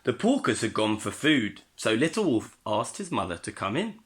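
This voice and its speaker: A male primary school teacher reading a storybook aloud to his pupils in an expressive way. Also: mid-range voice, moderate pace.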